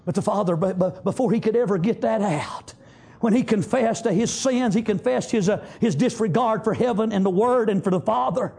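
A man preaching a fervent sermon, rising to shouts and punctuating with amens. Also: sits high, normal speed, creaky, slightly rough.

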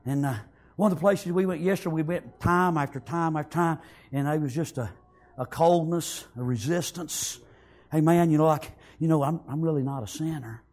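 A man preaching a sermon, fervently repeating praise and amen and rising to shouts. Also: on the high side, moderate pace.

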